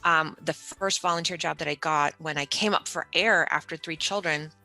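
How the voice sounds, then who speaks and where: A middle-aged woman, a guest in an interview, telling her story in an animated way and often acting out other people's voices. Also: sits low, normal speed, creaky. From United States.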